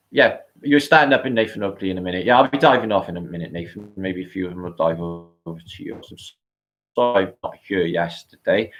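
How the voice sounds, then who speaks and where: A man's voice: fairly low pitch, lo-fi sound. A middle-aged British man hosting a livestream, chatting casually, rambling and swearing as he reads out viewer comments. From Britain. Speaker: livestream host.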